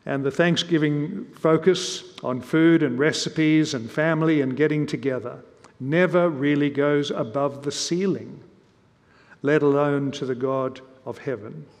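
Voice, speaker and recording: Earnest male preacher in a reverberant hall. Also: fairly high pitch. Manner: earnest, measured preaching with rhetorical questions. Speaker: visiting preacher. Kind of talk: sermon. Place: church.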